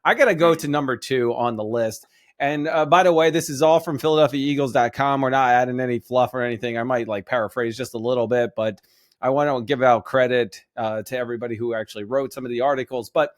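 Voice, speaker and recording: Guy cohosting a sports podcast, laughs a lot, rambles, mid pitch, dry close mic. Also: fast, dry recording. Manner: laughing often, lively, rambling with restarts. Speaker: podcast co-host. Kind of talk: casual sports chat.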